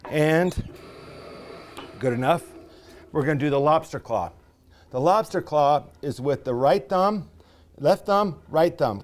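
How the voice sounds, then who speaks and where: A man's voice: fairly high pitch, darkish tone. Folksy man teaching pottery. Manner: folksy step-by-step instruction with homespun comparisons. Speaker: pottery professor. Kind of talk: live teaching demonstration.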